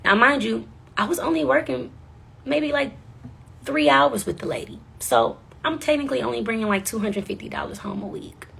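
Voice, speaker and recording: A woman's voice: sits high, normal speed, vocal fry, a bit bright, slightly rough. A young woman in her twenties telling a personal story straight to camera, casual, candid and profane. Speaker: vlogger.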